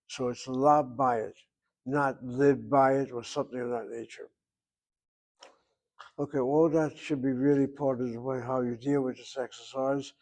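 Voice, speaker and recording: A man's voice: medium pitch, darkish tone. Patient male Hebrew teacher, methodical. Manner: patient, methodical, repeats words for drill. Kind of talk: grammar lesson explanation.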